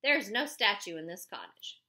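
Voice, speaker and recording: Audiobook: woman voicing a gruff, suspicious male officer, loud and barking. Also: mid-range voice, very animated, normal speed. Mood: stern. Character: stern bossy male small-town police officer.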